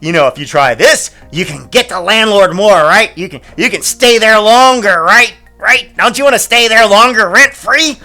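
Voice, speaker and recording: A man's voice: high voice, expressive, moderate pace, hardly any pauses, bright, forceful tone, soft background music, full character voice. A man doing a coaxing, overly lenient judge. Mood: mock coaxing.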